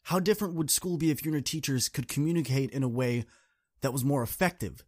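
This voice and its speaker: A man tells a coaching story to his podcast listeners. He speaks in an earnest, direct, casual way at a middle pitch. A close mic captures him in a dry room. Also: fast, a little mellow, no echo. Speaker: podcast host and student coach.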